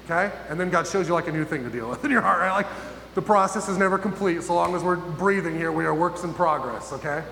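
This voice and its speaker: A man preaching a sermon as pastor, emphatic and full of pauses, often asking his listeners questions. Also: on the high side, vocal fry, bright, forceful tone. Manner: emphatic, pausing, asks the audience questions. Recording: echoey hall with faint noise.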